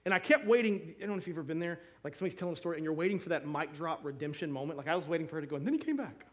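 A man's voice: on the high side, rapid-fire. A man in his thirties or forties, a pastor preaching a sermon, telling emotional stories with many restarts.

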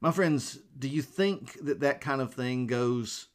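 A man's voice: mid-range voice, takes it slowly. A man preaching a sermon in a conversational way, asking his listeners questions, calling them his friends and chuckling often.

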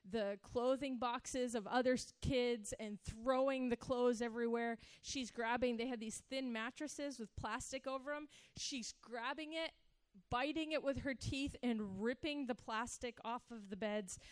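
A middle-aged woman telling a personal story in an animated way, acting out the voices she quotes. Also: fairly high pitch, clean tone, no room sound. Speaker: speaker sharing a personal story.

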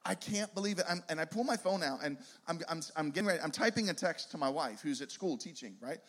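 A man's voice: a little high, lively intonation, quick pace, fairly bright tone. A middle-aged man speaking to a live audience, telling a humorous, self-deprecating story with many restarts and asides. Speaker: youth ministry speaker.

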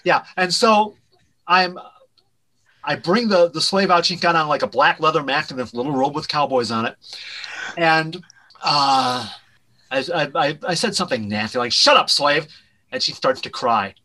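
A man, a director and writer, telling an animated anecdote as a guest in an interview, dropping his voice at punchlines. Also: fairly high pitch, normal speed, low-quality recording. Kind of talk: storytelling in a podcast interview.

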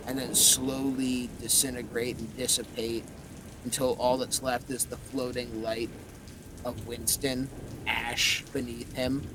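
A man narrates a tabletop horror game as game master. He talks slowly and lingers on each detail, with steady rain clearly heard behind him. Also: mid-range voice, noisy background. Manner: slow, descriptive narration.

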